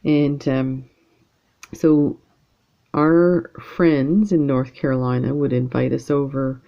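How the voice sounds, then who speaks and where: A woman talks slowly and casually over her beading work, wandering from thought to thought with plenty of ums. Her voice has a gravelly, fried edge. The recording sounds a little dull and lo-fi. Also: extremely low pitch, steady tone. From Canada. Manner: rambling, chatty, lots of fillers. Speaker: beading channel host. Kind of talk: casual chat while beading.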